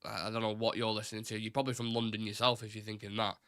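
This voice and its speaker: His voice is lowish and smooth, captured as clean studio sound without echo. He's a young Mancunian-accented man from Salford, Greater Manchester, fronting a live fan talk show and working through the viewer comments in the stream chat. Expect bluntness, strong opinions, swearing, and a quick, animated pace.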